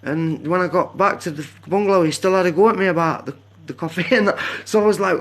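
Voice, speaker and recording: Guy rambling on a phone livestream, kinda high voice, keeps going off on tangents. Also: quick pace, hardly any pauses, fairly bright tone. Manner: rambling, drifts onto tangents. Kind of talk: casual live-stream chat.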